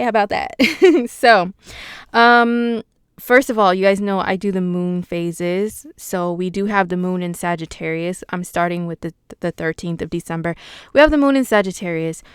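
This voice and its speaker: A woman's voice: mid-range voice, a bit bright, clear, resonant tone, no echo, studio quality. A woman with a West Coast American accent, hosting a casual horoscope talk for viewers in a chatty, playful way, with slangy asides. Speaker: astrologer, channel host.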